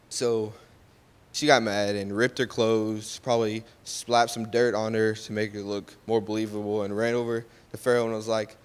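Under long hall reverb, a man loosely retells a Bible story, checking with his listeners via "right?" and correcting himself often. His lowish voice is clear and resonant, flat in delivery and moderate in pace.

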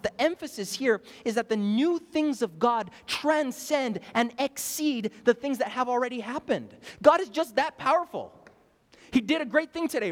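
Young male pastor, emphatic sermon delivery, animated pitch, reverberant hall. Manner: emphatic preaching, repeats phrases, asks the congregation questions. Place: church sanctuary.

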